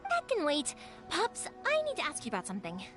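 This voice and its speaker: A young woman voicing a lively, upbeat fireworks maker's daughter who chats warmly and animatedly, in game voice acting. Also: sits high, fairly quick. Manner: bright, chatty and animated. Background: game music.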